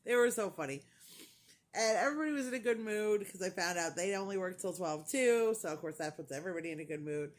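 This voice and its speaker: A woman's voice: medium pitch, animated, fast. A woman in casual chat, telling a story with lots of laughter and playing the other people's voices in quotes. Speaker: crochet vlogger.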